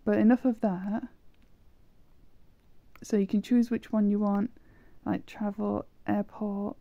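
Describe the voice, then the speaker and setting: A gameplay video creator talks casually over a language-learning game, rambling and self-deprecating, frequently hesitating and trailing off with long pauses. Her mid-range voice is slow and creaky with little pitch movement, in a dry recording missing its highs.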